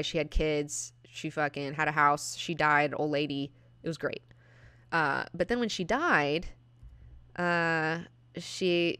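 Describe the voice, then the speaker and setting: Animated swearing woman reviewing comics. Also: low-pitched, clean tone, no echo. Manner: animated, acts out characters in quick bits. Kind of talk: casual enthusiastic review, heavy swearing.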